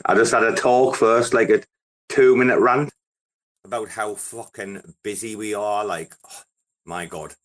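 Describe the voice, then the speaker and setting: A young man with a fairly low voice hosts a loose, unscripted crypto chat show. He rambles and swears constantly, with excitable banter aimed at his listeners. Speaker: host of a crypto breakfast show. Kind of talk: casual live audio chat.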